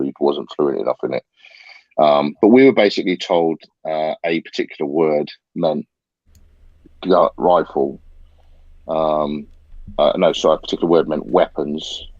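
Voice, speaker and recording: A man's voice: extremely low pitch, darkish tone, dry recording. A man telling rambling, swear-heavy anecdotes as a podcast guest. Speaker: guest, former event organiser. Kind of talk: casual storytelling. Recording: dull lo-fi sound.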